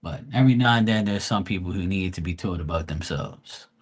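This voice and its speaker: A live tarot reader and streamer with a low, husky voice talks fairly quickly in a casual livestream chat with his viewers. He's blunt, profane and full of slang, and he rambles.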